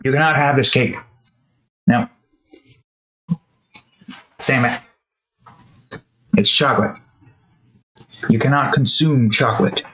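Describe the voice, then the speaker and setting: A man's voice: medium pitch, slow, long pauses, a bit bright, slight background noise, rough recording. Casual young male vlogger, rambling and offhand, mid-range voice. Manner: rambling, loose, wanders between topics and scolds his cat. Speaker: art vlogger. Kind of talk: casual rambling monologue while drawing.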